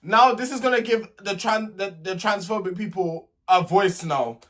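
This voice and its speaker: High-pitched young man, sassy indignant vlog rant, repeats himself, casual reality TV recap. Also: normal speed, a bit bright, slight background noise.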